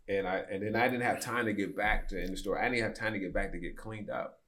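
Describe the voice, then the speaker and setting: This is a man in his fifties with a deep, low voice, telling a long story on a podcast. He chats casually and acts out the people in it with quick shifts of voice. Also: fairly even intonation, a bit bright. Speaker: podcast guest.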